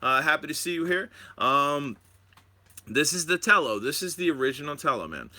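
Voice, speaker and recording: Man, live stream host, lively pitch, bright tense tone, rambling, at home. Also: normal speed. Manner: excited, rambling, talks to viewers. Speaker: drone channel host.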